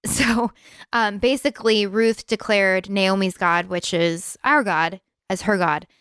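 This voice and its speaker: Smooth-voiced woman in casual chat. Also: mid-range voice, steady tone, takes it slowly, fairly bright tone, no room sound, studio quality. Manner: explains stories in an easy, conversational way. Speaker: podcast co-host.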